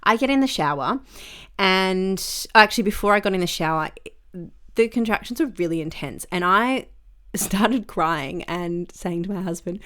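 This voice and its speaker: A woman's voice: lowish voice, normal speed, fairly bright tone, clear, resonant tone. A young woman hosting a solo podcast. She tells a personal story in a casual, chatty way, with many filler words. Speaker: podcast host.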